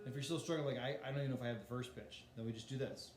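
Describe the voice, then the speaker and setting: A man's voice: medium pitch, racing. Guy giving a chill singing lesson, kinda roomy echo, some music faint in the back. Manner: casual, demonstrates humming and singing syllables. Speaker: music teacher. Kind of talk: voice lesson demonstration.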